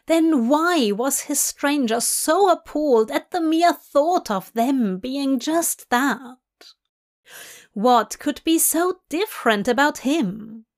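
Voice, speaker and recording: Woman, story narration, slow pace, higher pitch, calm reading. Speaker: fanfic reader.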